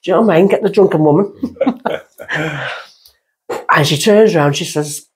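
A woman's voice: moderate pace, husky. A woman, a guest on a podcast, telling a long personal story in a rambling way and going off on tangents. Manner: lively, jumps up in pitch when excited. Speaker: guest medium. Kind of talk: casual storytelling.

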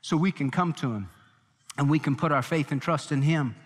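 Male pastor, high-pitched, fervent pulpit delivery, reverb of a church hall. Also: moderate pace. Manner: impassioned preaching, voicing quotes with emphasis. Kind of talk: sermon.

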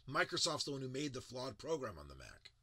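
A middle-aged man teaching presentation design in a lively lecture, acting out quotes in big voices. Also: medium pitch, fairly quick, slightly rough. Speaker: presentation instructor.

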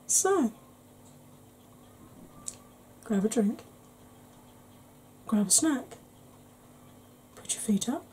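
A woman hosting a makeup tutorial, chatting in a rambling, conversational way and sometimes dropping into a soft whisper. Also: on the high side, very animated, takes it slowly, a little hiss or hum, low-quality recording. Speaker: beauty channel host.

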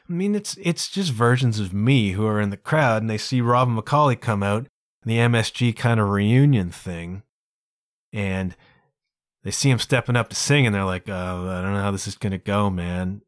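Male podcast host, solo chat, lively pitch swings, dry close sound. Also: no echo. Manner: chatty, animated, full of asides like "man" and "you know". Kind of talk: casual solo podcast monologue.

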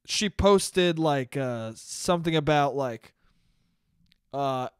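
Slightly high-pitched and unhurried, this male podcast host speaks smoothly in a clean, dry studio recording. Going solo and casual, he rants with animation, laughs often, and swears freely.

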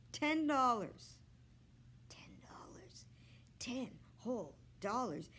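A librarian woman reading a children's book aloud with slow, expressive storytelling. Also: on the low side, gravelly, a little hiss or hum.

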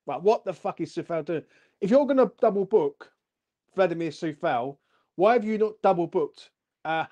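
A man's voice: on the high side, darkish tone. A man hosting a fan channel, ranting bluntly and furiously after a match with constant swearing. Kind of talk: angry post-match livestream rant.

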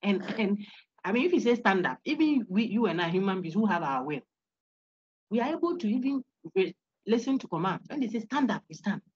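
A woman's voice: mid-range voice, fairly quick, slightly rough, no room sound, highs cut off. A woman lecturer, giving an interactive online lecture, laughing often and quizzing her students. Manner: animated, laughs often, asks students questions. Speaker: university lecturer.

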